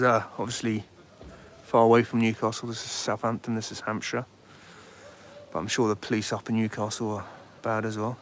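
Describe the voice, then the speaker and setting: A man hosting a casual livestream outdoors, rambling and chatting as he reads out viewer comments. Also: lowish voice. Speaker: livestream host. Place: outdoors by a street. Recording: faint street noise behind.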